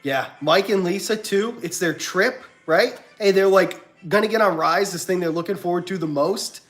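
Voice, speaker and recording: A man rants through a story on his livestream. He is animated and acts out other people's lines with big jumps in pitch. Faint music plays behind him. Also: moderate pace. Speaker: livestream host. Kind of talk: casual storytelling rant.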